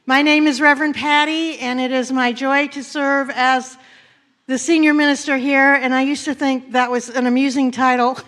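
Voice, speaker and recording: A woman senior minister welcoming her congregation and then guiding them through a slow, soft meditative prayer in a church sanctuary. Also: sits high, level tone.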